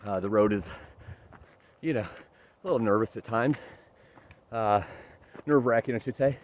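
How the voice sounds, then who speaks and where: A man's voice: mid-range voice, highs cut off, slight background noise. Winded man vlogging on a hike. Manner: chatty, upbeat, laughs at himself, many "uh" fillers. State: winded from climbing. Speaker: hiking vlogger. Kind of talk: casual vlog narration while hiking. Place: outdoors on a steep forest trail.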